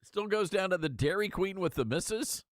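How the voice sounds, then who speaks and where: A male talk radio host giving sarcastic, animated commentary with mocking asides. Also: high-pitched, normal speed, dry recording, clean studio sound.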